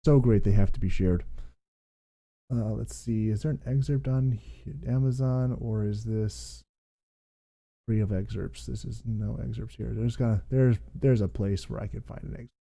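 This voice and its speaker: A man's voice: medium pitch, vocal fry, dark tone. A man hosting a casual podcast, rambling and amused as he talks. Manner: rambling, amused, reads excerpts aloud. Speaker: podcast host.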